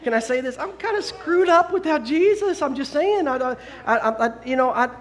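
Middle-aged man, pastor mid-sermon; high, very animated voice, storytelling with restarts. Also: moderate pace. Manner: animated, self-deprecating storytelling with frequent restarts.

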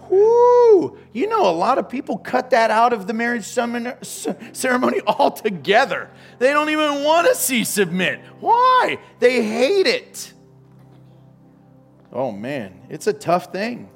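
Joking pastor preaching, lively outbursts. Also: male voice, high-pitched. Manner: joking, lively storytelling with sudden loud outbursts. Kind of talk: sermon.

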